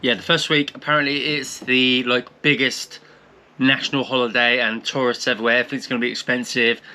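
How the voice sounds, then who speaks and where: Bright-toned Portsmouth man vlogger. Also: mid-range voice, flat delivery, a little fast. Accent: Portsmouth English. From England. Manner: earnest and explaining, fond of clarifying. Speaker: travel vlogger. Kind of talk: casual chat.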